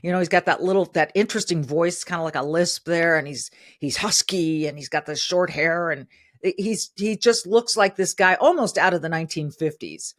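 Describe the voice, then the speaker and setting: A woman's voice: lowish voice, normal speed. A middle-aged woman hosting a podcast, delivering emphatic opinion commentary and repeating phrases for stress. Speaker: podcast host.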